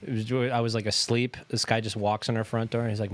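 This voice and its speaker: A man co-hosting a podcast in casual chat, joking and swearing in quick banter. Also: mid-range voice, fairly even intonation, dry recording. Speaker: podcast co-host.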